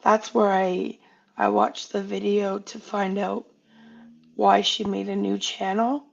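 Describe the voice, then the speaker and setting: Slow, gravelly woman hosting a stream. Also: medium pitch, level tone, highs cut off. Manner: hesitant, many fillers, reads chat questions. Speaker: livestream host. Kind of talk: casual livestream chat.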